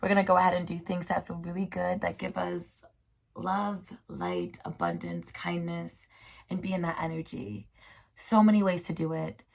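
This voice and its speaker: A woman hosts a casual solo chat about spirituality in a fairly low voice with vocal fry, speaking at a moderate pace. She rambles playfully, using slangy, encouraging talk aimed at her listeners.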